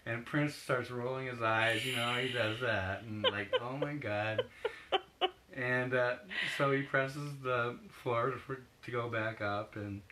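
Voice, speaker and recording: A man's voice: medium pitch, steady tone, unhurried, few pauses, noisy background. A man being interviewed as a photographer, telling long rambling anecdotes with laughs and acted-out quotes. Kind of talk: casual storytelling in an interview.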